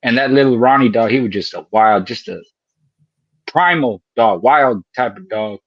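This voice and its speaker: A man's voice: mid-range voice, normal speed, no echo. Folksy older male co-host, laughing storyteller, very dry close sound, muffled. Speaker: podcast co-host. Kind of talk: casual storytelling chat.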